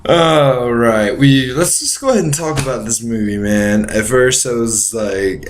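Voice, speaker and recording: A drunk man rambling through a movie chat, swearing freely and drifting off on tangents. His voice sits at an ordinary male pitch, and the room throws back a noticeable echo. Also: unhurried, a little hiss or hum. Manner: rambling, profane, goes off on tangents. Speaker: podcast host. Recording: roomy echo.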